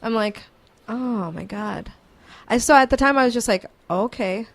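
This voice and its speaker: A woman hosting a morning radio show, telling a story in an animated, chatty way. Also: a little high, brisk. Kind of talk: casual radio chat, storytelling. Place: radio studio.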